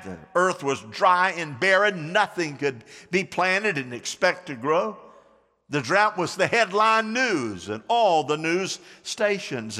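A man's voice: high voice, bright, forceful tone, big-room sound. A male pastor preaching a sermon, drawing the congregation into call-and-response with sweeping swings of voice. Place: church sanctuary.

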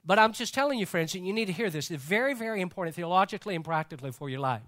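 Man, pastor, church sermon, high-pitched, conversational, talks to congregation. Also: lively intonation, racing, a bit bright. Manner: conversational preaching with asides to the congregation. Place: church service.

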